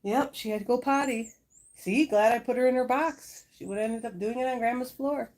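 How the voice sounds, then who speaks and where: Chatty woman from Wisconsin hosting a casual live stream, voice a touch high, easygoing. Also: a little fast, a little mellow. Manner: chatty, talks to her dogs in a high sing-song voice. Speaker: livestream host.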